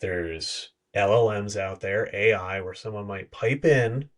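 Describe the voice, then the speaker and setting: A man's voice: on the low side, measured pace. A man appearing as a podcast guest, explaining with detailed examples and blunt asides. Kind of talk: conversational podcast discussion.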